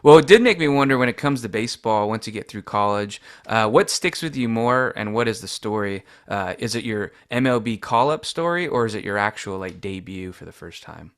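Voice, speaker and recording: A man's voice: fairly low pitch, lively intonation, brisk, hardly any pauses, fairly bright tone, smooth. A man hosting a podcast, asking questions in a friendly, casual way with short reactions. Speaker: podcast host. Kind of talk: casual interview.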